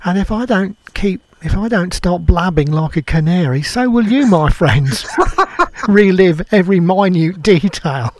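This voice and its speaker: High-voiced older man reminiscing on radio. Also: expressive, a little slow, darkish tone, no echo. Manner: reminiscing, rambling, self-mocking. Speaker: radio co-host. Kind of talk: chatty music radio talk.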